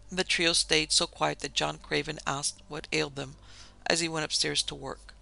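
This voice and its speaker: Male narrator, gravelly, very bright tone, flat even delivery, storybook reading. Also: a little high, normal speed. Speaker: narrator and producer. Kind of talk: storybook narration of a memoir tale.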